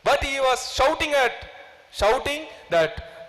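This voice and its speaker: Preacher, male, high voice, slow measured delivery, questions the congregation, reverberant church hall. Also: big pitch swings, fairly bright tone. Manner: repeats questions to the congregation, leads call-and-response prayer. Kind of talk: sermon.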